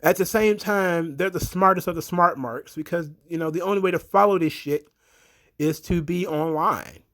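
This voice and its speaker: A man's voice: high voice, normal speed, a bit bright. A man giving a blunt, opinionated, rambling commentary monologue as a show host.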